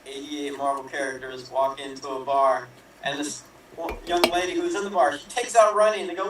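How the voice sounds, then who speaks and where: High-voiced man, far off in an echoey room. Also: steady tone, normal speed, a bit bright, a little hiss or hum. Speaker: improv player. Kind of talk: telling quick improv jokes.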